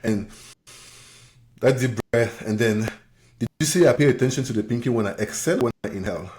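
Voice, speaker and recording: A man's voice: medium pitch, fairly quick, darkish tone, a little hiss or hum. A man hosting an interview podcast, reflectively paraphrasing and affirming his guest. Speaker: podcast host. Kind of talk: conversational interview.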